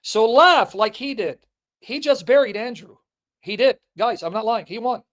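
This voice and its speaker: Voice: mid-range voice, expressive, moderate pace, a bit bright. A speaker in a played clip, emphatically and repetitively addressing his viewers. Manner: emphatic, repetitive, insistent, addressing the audience directly.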